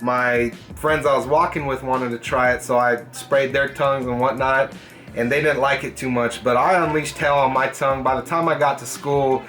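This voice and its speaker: A young man hosting a vlog, casually telling a story from school, swearing freely and animated. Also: medium pitch, moderate pace, soft background music. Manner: profane, animated, puts on voices in quotes. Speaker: gaming channel host.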